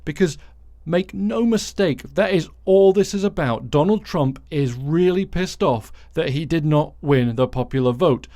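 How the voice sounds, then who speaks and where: A man's voice: a little high, a little slow, mellow, dry recording, clean studio sound. A man hosting a solo podcast, delivering a blunt, sarcastic commentary monologue and swearing freely. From outside the United States. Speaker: podcast host.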